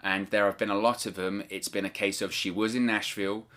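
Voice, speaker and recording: A man's voice: fairly low pitch, little pitch movement, a little fast, bright, forceful tone. A man giving solo wrestling news commentary as a vlogger, talking hesitantly and repeating words as he chooses them carefully.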